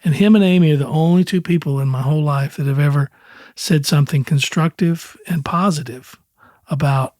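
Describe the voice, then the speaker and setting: A man's voice: a little high, brisk, darkish tone, no room sound, studio quality. A man in his sixties, a country singer as interview guest, telling long rambling anecdotes full of quoted dialogue and easy chuckles. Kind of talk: casual storytelling in an interview.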